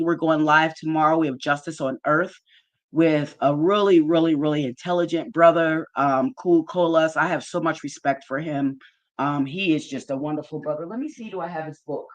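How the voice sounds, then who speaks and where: Effusive woman hosting a livestream. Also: low-pitched. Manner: warm, effusive thanks to chat viewers. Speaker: livestream host. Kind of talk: casual livestream chat.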